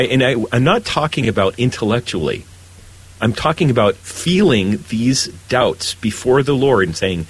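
Low husky priest guy talking faith, earnest, lots of restarts. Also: poor audio. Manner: earnest, warm-hearted, pausing and restarting often. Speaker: Catholic priest. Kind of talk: faith conversation.

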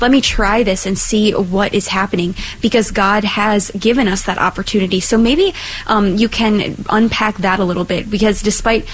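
A woman's voice: medium pitch, poor audio. Reflective woman hosting a faith talk. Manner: reflective, many fillers like "you know" and "um". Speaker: co-host.

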